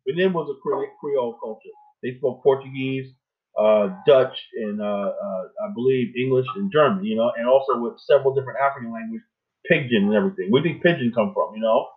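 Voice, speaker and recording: Talk show host on a narrow, phone-like line. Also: male voice, medium pitch, a little fast. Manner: conversational, repeats "you know what I'm saying". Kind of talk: casual talk show chat.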